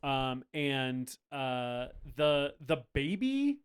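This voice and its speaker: A man's voice: medium pitch, sing-song, very slow, clean tone. A man co-hosting a podcast, chatting casually about a movie, laughing often and acting out characters' lines. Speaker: podcast co-host. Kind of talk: casual movie review chat.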